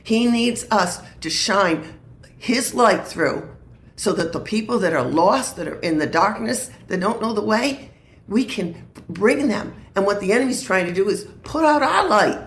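A woman's voice: mid-range voice, animated, unhurried, echoey room. A woman minister sharing a prophetic word in an earnest way and laughing easily.

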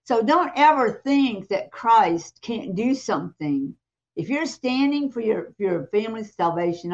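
A woman co-hosting a talk show, retelling a testimony in a lively way and acting out the voices in it. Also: medium pitch, highs cut off. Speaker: co-host. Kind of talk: animated testimony storytelling.

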